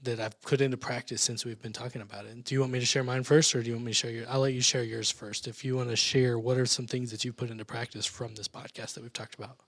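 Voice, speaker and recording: A man co-hosting a church podcast in a casual chat, talking haltingly with many restarts and repeated words. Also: mid-range voice, little pitch movement, a bit bright, no room sound, studio quality. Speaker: podcast co-host.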